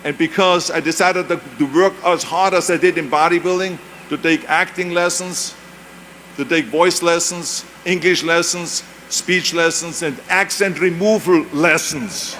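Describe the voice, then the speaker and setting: A man's voice: a little high, fairly even intonation, unhurried, a bit bright, a little hiss or hum. A man in his seventies, a native German speaker with a German accent, gives an emphatic, anecdotal motivational speech with self-mocking humor at a university event. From Europe. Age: 70s.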